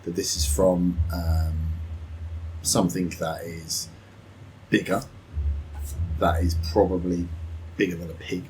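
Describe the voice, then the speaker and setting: A man's voice: deep voice, level tone, slow, pauses often, a little mellow, a little hiss or hum, rough recording. A man narrating a tabletop game as game master, setting scenes casually and animatedly.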